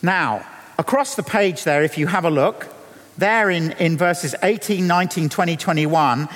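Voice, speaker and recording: A slightly high-voiced man preaching in earnest, stumbling over restarts as he presses his point. His words ring out through a church hall with a long, lingering reverb. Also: fairly bright tone. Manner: earnest, halting with repeated restarts. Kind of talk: sermon.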